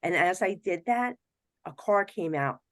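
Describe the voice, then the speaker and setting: A woman psychic medium, a podcast guest telling animated stories in a chatty, casual way with lots of "you know". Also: on the low side, a little slow, dry recording, studio quality. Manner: animated, swings between hushed and excited.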